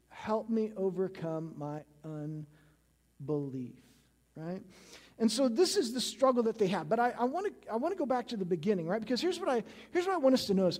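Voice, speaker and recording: A man's voice: very high-pitched, a little mellow. A man preaching a conversational sermon as pastor, casual and often checking in with the listeners by asking "right?". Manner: casual, frequently adds tag questions like "right?". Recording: long reverb of a large hall.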